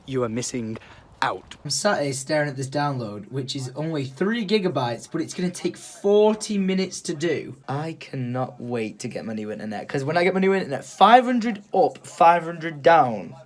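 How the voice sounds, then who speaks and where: A young man from England, telling a story in a casual vlog, animated and swearing freely. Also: medium pitch, normal speed. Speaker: vlogger.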